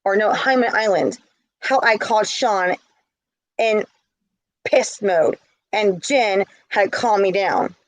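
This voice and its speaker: A woman's voice: mid-range voice, slow pace, long pauses, no echo, poor audio. A middle-aged woman telling a story in a casual vlog, heated and indignant. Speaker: vlogger.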